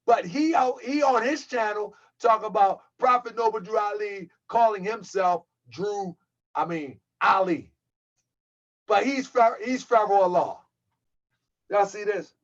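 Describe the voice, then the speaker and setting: A man's voice: high voice, lively intonation, a little slow, pauses often, muffled recording. A man hosting his own channel, delivering a heated, mocking rant and calling his viewers family. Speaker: channel host. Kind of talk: livestream rant.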